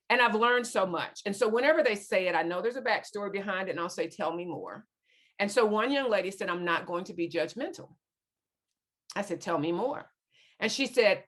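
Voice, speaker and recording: A woman's voice: medium pitch, a bit bright. Earnest woman retelling student stories. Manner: earnest, retells conversations with many quotes. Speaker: guest speaker on parenting teens. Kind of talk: storytelling talk to a parents' group.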